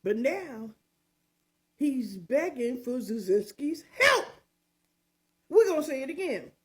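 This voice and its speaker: An older woman hosts her own opinion show, delivering commentary in a sassy, mocking, emphatic way. Her voice sits high and moves slowly, with big swings in pitch.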